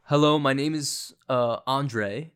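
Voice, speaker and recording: A man's voice: medium pitch, takes it slowly, clean tone, close to an everyday voice. A man imitating a new male call-center agent who hesitates and reads stiffly from a script. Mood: hesitant.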